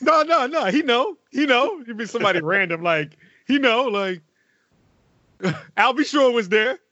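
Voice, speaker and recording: High-voiced, bright man joking on a podcast. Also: lively intonation, a little slow, dry recording. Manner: playful, jokey. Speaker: podcast co-host. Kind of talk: casual chat. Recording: dry, lo-fi sound.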